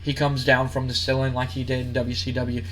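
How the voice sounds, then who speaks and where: A man's voice: mid-range voice, monotone, fairly quick, a bit bright, a little hiss or hum. Man casually recapping a game. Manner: casual, rambling with restarts. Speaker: gaming video host.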